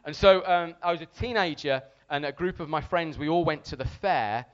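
A man preaching a sermon to a congregation, telling a story with animated, shouted re-enactments. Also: a little high, normal speed, dull audio.

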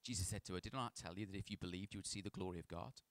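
After reading a Bible passage aloud, a pastor preaches a sermon in a chatty way, telling stories at his own expense. He speaks very fast in a low voice, and the recording is dry.

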